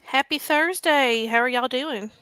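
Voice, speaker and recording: A woman's voice: sits high, measured pace, a loud crowd. A woman hosting a casual live-streamed chat in an easygoing way. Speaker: host.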